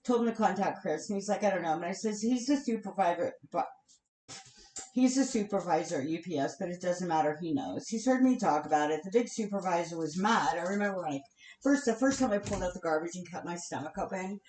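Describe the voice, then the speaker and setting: Fast and darkish in tone, a fairly low-pitched woman with lively intonation vents on her live stream. This angry vlogger rant is full of swearing and sighs between bursts of fury, and the room adds an echo.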